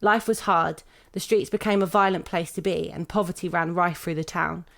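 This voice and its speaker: A young British woman hosting a podcast, reading a prepared script in a steady, measured way. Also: fairly low pitch, vocal fry. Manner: steady, measured reading, laughing now and then. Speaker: podcast host.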